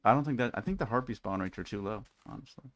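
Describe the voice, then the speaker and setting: A man's voice: on the low side, quick pace, a bit bright, no echo. A young man rambling wryly through casual live-stream chat while playing a game, with many restarts. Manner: rambling, wry, frequent restarts. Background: faint music.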